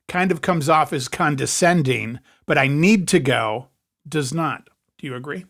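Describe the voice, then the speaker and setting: Dry-humored Australian man, higher voice. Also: animated, normal speed, a bit bright. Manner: dry, self-deprecating humor. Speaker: podcast co-host. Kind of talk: casual chat.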